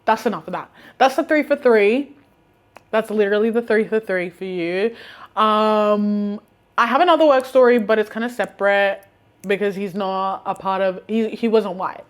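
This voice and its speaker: A young woman in her twenties telling stories in a chatty, animated, slangy way, with laughs and restarts. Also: medium pitch, moderate pace. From Australia. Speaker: vlogger. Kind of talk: casual storytime.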